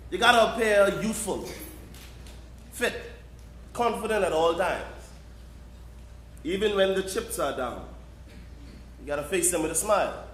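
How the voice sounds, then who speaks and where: A jaded old prime minister with a Bahamian accent, boastful and folksy, sparring with trash talk, played by a male stage actor. His voice sits high for a man. It rings out in an echoey theatre with faint hiss behind. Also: fairly bright tone. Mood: lecturing. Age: 70s. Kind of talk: live stage play.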